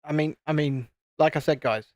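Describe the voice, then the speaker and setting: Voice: mid-range voice, normal speed, darkish tone, dry recording, clean studio sound. A British host chatting wryly with a live chat while building a model, teasing and joking. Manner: wry, teasing banter with the chat.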